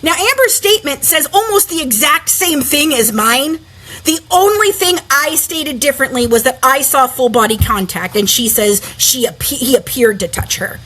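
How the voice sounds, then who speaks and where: A woman, an interview guest, telling a story in casual, animated talk full of "like" fillers. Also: high voice, normal speed, rough recording.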